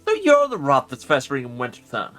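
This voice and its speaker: A man voicing an angry, righteous male crusader hero who accuses loudly. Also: on the high side, very fast, faint music behind, pitched above the performer's own voice, natural voice. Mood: furious. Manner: loud, accusing.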